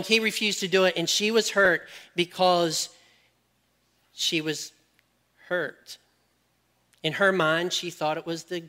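A man delivers a sermon in a high, bright voice. He is animated, jokes with his listeners, and drops to hushed questions. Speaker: preacher.

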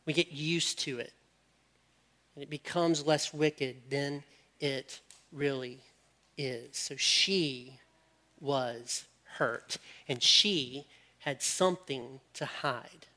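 A man preaching a sermon, animated and joking with his listeners, then dropping to quiet, probing questions. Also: mid-range voice, takes it slowly, long pauses. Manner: animated, jokes with the audience, drops to quiet questions.

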